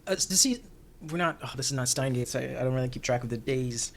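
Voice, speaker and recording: A man talking casually as a recurring guest on an anime discussion show, animated and joking, laughing often. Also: mid-range voice, fast talker, creaky, slight background noise.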